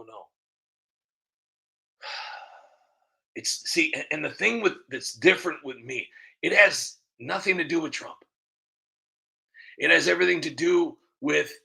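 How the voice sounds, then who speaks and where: Gravelly, bright-voiced man ranting. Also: fairly high pitch. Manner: rambling, emphatic, repeats himself. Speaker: show host. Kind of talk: casual monologue.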